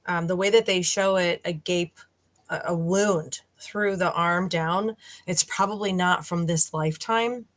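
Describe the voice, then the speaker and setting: A woman's voice: on the low side, fairly even intonation, a little slow. A woman guest in a casual chat, explaining her practices in an earnest way and sometimes searching for words.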